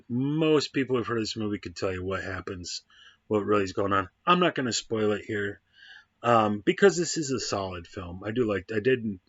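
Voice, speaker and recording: A man's voice: medium pitch, a bit bright, dry recording. A man giving a casual, rambling film review, full of ums and restarts, on a dull, dry, lo-fi recording. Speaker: movie reviewer.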